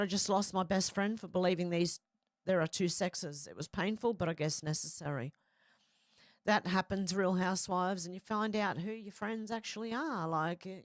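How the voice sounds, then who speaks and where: A woman's voice: mid-range voice, no echo, studio quality. A middle-aged woman hosting a casual live chat, reading viewer comments aloud and reacting with frequent laughs. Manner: chatty, laughs often, reads comments aloud.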